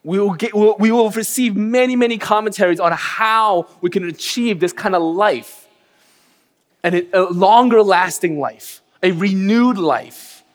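A male pastor delivers a sermon in a fairly high voice, earnest and reflective. He sinks to a hushed low tone on sorrowful moments and lifts sharply for emphasis. The sound carries a long reverb from a church sanctuary. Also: measured pace.

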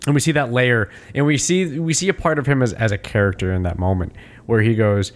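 A man's voice: mid-range voice, brisk. A man co-hosting a casual podcast, recapping a film scene and acting out the characters' lines with lots of swearing. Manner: animated, acts out characters' lines, swears freely. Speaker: podcast co-host. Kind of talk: casual movie recap chat.

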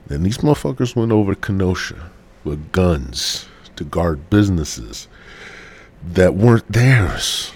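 A man's voice: low-pitched, very animated, measured pace, a little mellow, breathy edge. A man hosting a podcast solo, rambling and cursing in a casual, stoned rant while a bit sick. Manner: rambling, profane, sighing. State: sick with a cold. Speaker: podcast host.

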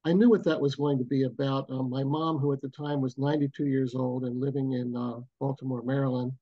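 An older man, a booking agent, telling a personal story in an interview in an unhurried, reflective way with many pauses, over a video call from home. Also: mid-range voice, fairly even intonation, no room sound, lo-fi sound. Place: home, bridge view behind.

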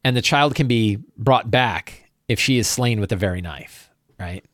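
A man's voice: on the low side, moderate pace, a bit bright, no room sound, clean studio sound. A man acting as game master, casually thinking aloud on a livestream, often checking in with "right?" and restarting his phrases. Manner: frequent restarts and repeated words.

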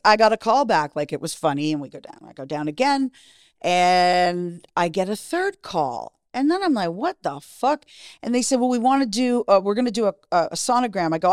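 A woman's voice: medium pitch, big pitch swings, normal speed, no room sound, studio quality. A woman in her fifties, a guest in an interview, telling her story bluntly, swearing freely and acting out what people said.

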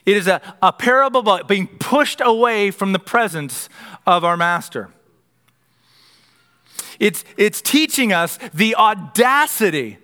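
A male pastor with a high, bright voice delivers a sermon in an easy, conversational way. He slips humorous asides into the scripture reading and sometimes stops to correct himself.

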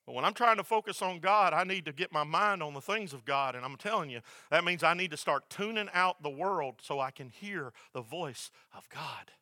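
A male pastor preaching a sermon, swinging from loud, repeated emphasis down to a soft hush. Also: on the high side, brisk, hardly any pauses, dry recording. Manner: builds to loud emphatic repetition, then drops to a soft hush.

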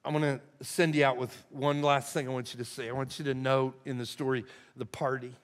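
An older man, a lead pastor, preaching a sermon in a folksy, conversational way that swings from hushed to loud. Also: mid-range voice, flat delivery, brisk. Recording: long hall reverb.

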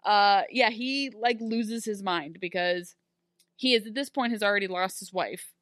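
A woman co-hosting a casual podcast, recapping a TV episode and acting out the characters' lines in quick animated bursts. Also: medium pitch, no echo, studio quality. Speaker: podcast co-host. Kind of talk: casual recap chat about a TV show.

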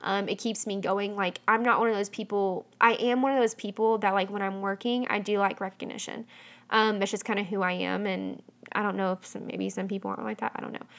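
A woman's voice: mid-range voice, steady tone, fairly quick, gravelly, a bit bright. A young woman hosting a casual solo podcast, chatty and full of "um" and "like". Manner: chatty, heavy on fillers like "um" and "like". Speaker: podcast host.

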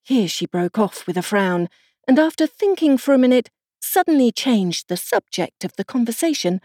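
Woman narrating a storybook, mellow tone. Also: on the high side, expressive, moderate pace, no echo, clean studio sound. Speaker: volunteer reader. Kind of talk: audiobook narration.

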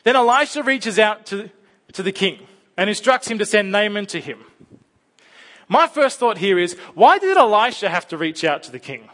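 Bright-voiced man preaching a chatty sermon. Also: high-pitched, very animated, normal speed. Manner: chatty, storytelling, with sudden loud dramatic bursts. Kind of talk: conversational sermon.

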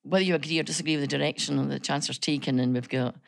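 A middle-aged Scottish woman, a business leader and radio guest, telling stories in an animated, chatty way with frequent restarts. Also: low voice, rapid-fire, creaky, no echo, clean studio sound. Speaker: business chamber chief executive, guest. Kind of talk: casual radio chat.

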